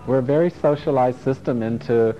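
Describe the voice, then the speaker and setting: A man's voice: mid-range voice, fairly quick, mellow. Middle-aged male workshop teacher, frank, loose, swears easily, dull lo-fi sound with faint music behind. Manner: frank and playful, swears and chuckles often. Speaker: self-help workshop teacher. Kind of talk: casual workshop talk to a group.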